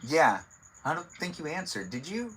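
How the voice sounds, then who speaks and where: A man's voice: fairly high pitch, big pitch swings, normal speed, a bit bright, poor audio. A man hosting a casual live stream, playful and curious, asking his guests lots of follow-up questions. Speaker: livestream host.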